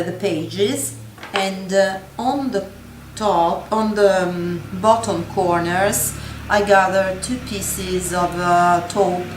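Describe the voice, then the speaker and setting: Craft vlogger, woman, unhurried and halting with fillers; roomy echo, faint ambience. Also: medium pitch, slight background noise. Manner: gentle, halting, many fillers and self-corrections. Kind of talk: show-and-tell craft video. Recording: echoey room with faint ambience.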